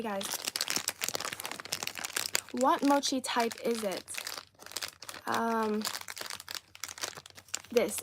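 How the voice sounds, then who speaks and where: A rambling, talkative woman hosts a live stream, her voice sitting a little high as she drifts from topic to topic while answering her viewers. Cantonese is her first language, and she keeps the tone loose and conversational. Faint background noise and the crinkle of wrappers run underneath. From China. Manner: chatty and rambling, answering chat comments. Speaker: livestream host. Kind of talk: casual livestream chat, taste-testing snacks.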